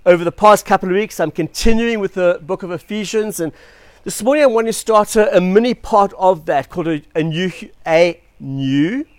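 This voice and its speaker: A man's voice: sits high, normal speed, no room sound. A man from South Africa preaching a sermon as pastor, telling stories in a chatty, self-deprecating way.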